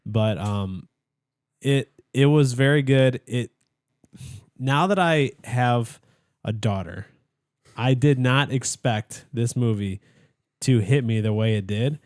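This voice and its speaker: A man's voice: mid-range voice, slow pace, long pauses, a little mellow, clean tone, no room sound. A young man co-hosting a podcast in a studio, telling a long story in casual chat, full of fillers and restarts. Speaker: podcast co-host.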